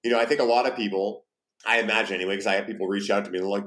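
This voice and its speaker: A man's voice: lowish voice, steady tone, very fast, a bit bright. A man hosting a podcast interview, chatting casually and swearing now and then. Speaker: podcast host.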